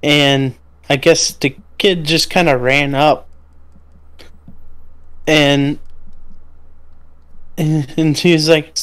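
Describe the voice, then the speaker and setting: A young man in casual chat, telling an anecdote in a halting way with false starts. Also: on the high side, fairly even intonation, fairly bright tone, clean tone. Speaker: podcast co-host.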